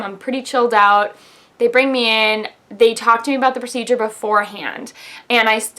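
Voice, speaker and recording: A woman's voice: on the high side, fairly bright tone. A young woman telling a personal story to camera in a chatty vlog, filling her talk with "like" and acting out what others said. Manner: chatty, lots of "like", quotes others in raised voice. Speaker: vlogger.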